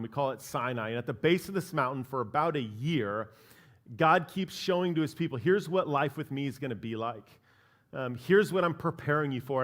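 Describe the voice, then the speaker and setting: A man preaching a sermon as pastor of a church, talking in a casual, conversational way and often checking in with "right?". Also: on the high side. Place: church sanctuary.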